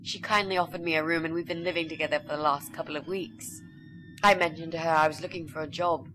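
A woman's voice: deep voice, steady tone, fast, sharp tone, faint music behind. An actress voicing an eager, polite young female student in a video game, speaking. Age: young adult. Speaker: game character.

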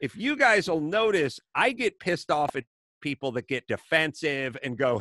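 A man's voice: a little high, moderate pace, no room sound, clean studio sound. A middle-aged man hosting a podcast, telling comedic stories and acting out the people in them. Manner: animated, acts out voices in anecdotes. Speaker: podcast host. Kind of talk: casual comedic storytelling.

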